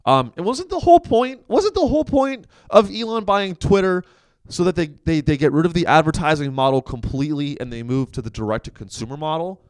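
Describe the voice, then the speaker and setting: A man's voice: on the high side, animated, a little fast, no room sound, clean studio sound. A man hosting a podcast, delivering a rambling, profane, sarcastic comedic monologue from a coworking office. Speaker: podcast host.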